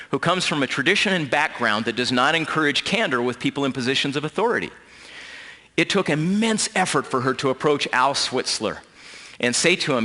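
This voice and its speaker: A man giving a talk, telling a personal story in an earnest way that turns quiet and emotional. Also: mid-range voice. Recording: long hall reverb.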